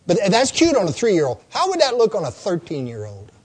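An older man preaching a sermon, telling folksy stories and stressing points through slow, repeated lists. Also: high-pitched, wildly swooping pitch. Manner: folksy storytelling, slow emphatic lists and repetitions. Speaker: pastor.

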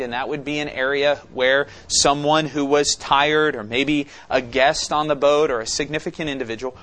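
A man's voice: mid-range voice, fairly bright tone. A man preaching an expository sermon, teaching conversationally and asking questions of the congregation. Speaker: pastor.

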